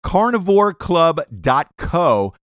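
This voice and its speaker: A man's voice: sits high, very animated, takes it slowly, a bit bright, clean tone, no room sound, clean studio sound. Brash, profane male podcast host. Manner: brash, profane, joking delivery. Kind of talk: casual podcast ad reads and chat.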